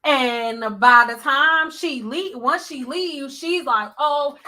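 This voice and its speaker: A woman hairstylist telling a blunt, animated storytime, acting out the people she quotes. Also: high voice, slow pace, a little hiss or hum, rough recording. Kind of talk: storytime vlog.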